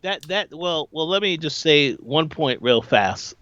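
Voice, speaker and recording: A man co-hosting a podcast, adding points to an episode recap in a measured, hedging way. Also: a little high, lively intonation, a bit bright, dry recording, highs cut off. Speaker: podcast co-host. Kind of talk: casual recap chat.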